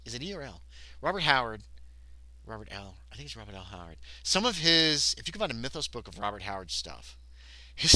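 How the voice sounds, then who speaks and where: A man's voice: medium pitch, dry recording, poor audio. A man casually narrating a solo tabletop horror game on a livestream, reading passages aloud and chatting with viewers. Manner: chatty, reads text aloud, thinks out loud. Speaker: solo game player and streamer.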